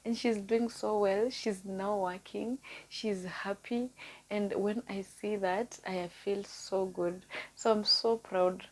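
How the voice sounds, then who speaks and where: A woman speaking in a personal vlog, earnest and heartfelt, sometimes dropping to a hush and sometimes chatty and upbeat with her viewers. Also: medium pitch, fairly even intonation, takes it slowly, slight background noise, rough recording. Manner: heartfelt and earnest, with soft, hushed stretches. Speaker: vlogger and nutrition coach. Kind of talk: personal vlog talk to camera.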